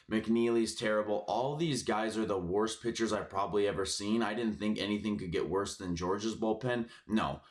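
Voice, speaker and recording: A man with a lowish voice, a bit hoarse from yelling, runs a sports betting picks channel. He rants casually, cursing a lot, using plenty of filler words and sounding frustrated.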